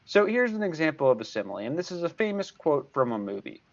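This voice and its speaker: Patient older man teaching, lively pitch. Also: fast talker, lo-fi sound. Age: 60s. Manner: patient, repeats key points. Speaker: math tutor. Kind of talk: recorded video lesson.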